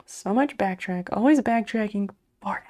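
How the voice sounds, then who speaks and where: A woman's voice: medium pitch, normal speed, a little mellow. A woman streamer chatting casually with her viewers while she crochets, muttering and swearing under her breath as she works. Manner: chats back to viewers' messages.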